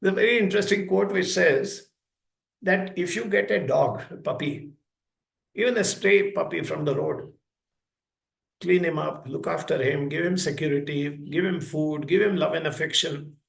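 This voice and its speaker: Guy giving a talk, high voice with a gravelly edge, acts out little stories, roomy echo. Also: normal speed. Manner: animated storyteller, acting out parent and child voices. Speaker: speaker at a school talk. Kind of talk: public talk with acted-out stories. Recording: echoey hall.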